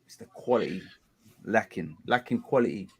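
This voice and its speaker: A man, hosting a casual live watchalong of a football match. He complains about dull play and gets excited during attacks. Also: fairly low pitch, normal speed, husky. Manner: chatty, groans at a dull game, excited bursts at attacks. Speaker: watchalong host.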